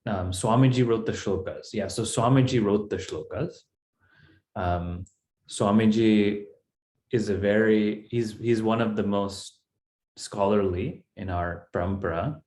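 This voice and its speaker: Slow, patient man teaching a class. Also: fairly low pitch, a little mellow, roomy sound. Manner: patient, step-by-step explaining. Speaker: Sanskrit teacher. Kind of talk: online class lecture.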